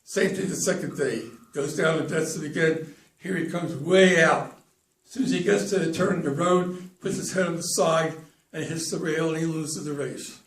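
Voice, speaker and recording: An older man tells jokes to a crowd, tripping and repeating his words as he goes. His voice sits a little high for a man. He sounds distant from the mic, in a room with a clear echo. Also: normal speed. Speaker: joke teller. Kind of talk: telling jokes to an audience. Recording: echoey room, far from mic.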